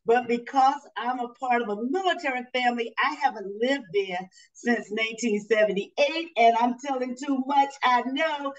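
An older woman in her sixties from Georgia speaks at a panel, chatty and quick with asides. Her fairly high voice sounds distant and muffled, as if picked up from across the room. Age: 60s. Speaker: panelist, author and transformation coach. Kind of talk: panel introduction.

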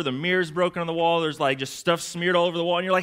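A man's voice: fairly high pitch, quick pace, few pauses, a bit bright, clear, resonant tone. A young adult man preaching a sermon as pastor, in a casual, conversational way with lots of fillers.

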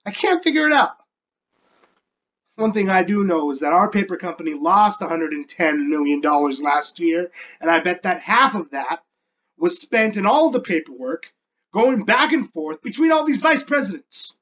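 A slick, ruthless corporate raider, played by an amateur performer, working a room of shareholders in a movie monologue. He speechifies, pushing up into loud, high emphasis and then dropping to hushed, whispered lines. His voice sits at an ordinary middle pitch. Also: lively intonation, moderate pace, natural voice, rough recording. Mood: persuasive.

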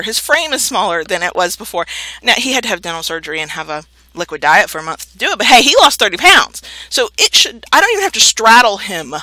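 A woman's voice: medium pitch, bright, forceful tone, no room sound, low-quality recording. A woman hosting a podcast, talking frankly and jokingly in a candid monologue. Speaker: podcast host.

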